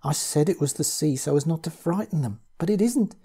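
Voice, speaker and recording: A man voicing a frightened, jumpy family man who speaks in nervous, halting bursts. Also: on the high side, animated, mellow, breathy edge, pitched above the performer's own voice. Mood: terrified.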